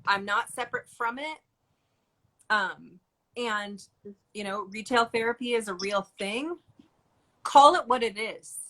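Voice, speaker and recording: A woman hosting a casual online chat, talking in an animated way, swearing and laughing now and then. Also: medium pitch. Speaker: host.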